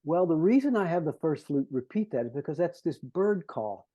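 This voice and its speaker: A man's voice: a little high, lively intonation, normal speed, warm tone, muffled recording. A man, a composer, earnestly explaining his scores to conductors and humming melodies to make his points. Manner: earnest teacher who hums melodies to illustrate.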